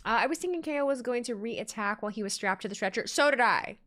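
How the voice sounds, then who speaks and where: A woman's voice: fairly high pitch, animated, quick pace, a bit bright. A woman live-streaming her reaction to a wrestling show, chatting casually, laughing often and reading viewer messages aloud.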